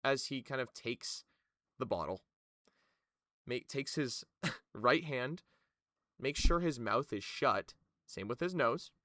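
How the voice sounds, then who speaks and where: A man's voice: mid-range voice, expressive, takes it slowly, pushed and bright, no echo, studio quality. A man narrating as game master in a tabletop game, with loose narration full of fillers.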